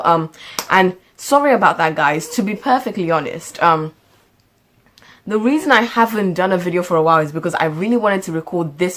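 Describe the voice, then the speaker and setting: A young woman vlogger talking casually to her viewers at home, chatty and full of ums, calling them y'all. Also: on the low side. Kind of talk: casual sit-down talk to camera. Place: indoors at home.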